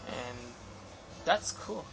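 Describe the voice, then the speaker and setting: A man's voice: drawn-out words, low-quality recording. A young man in a casual vlog, recounting an interview with photographers in a rambling way, full of fillers and restarts. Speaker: vlogger. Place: Los Angeles area. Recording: music playing behind.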